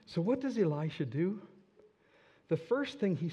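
A man preaching a sermon as a story, animated and dramatic, with asides to his listeners. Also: high voice, unhurried, long pauses, breathy edge, muffled recording.

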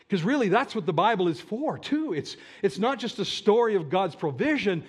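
A middle-aged man preaching a sermon as pastor, animated and asking the congregation rhetorical questions. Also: fairly high pitch, breathy edge. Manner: animated, rhetorical questions, mock-whiny quoting.

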